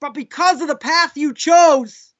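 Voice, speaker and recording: Solemn heavenly judge voice handing down a verdict, a man putting it on, high-ish and dull lo-fi sound. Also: measured pace, fairly bright tone. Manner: pronouncing judgment. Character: solemn heavenly voice judging a child in court.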